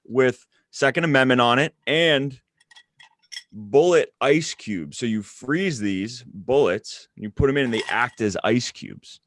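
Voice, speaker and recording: A man's voice: mid-range voice, a little slow, fairly bright tone, a little hiss or hum. Laid-back man co-hosting a podcast. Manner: laid-back, joking banter. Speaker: podcast co-host, coach. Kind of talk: casual chat.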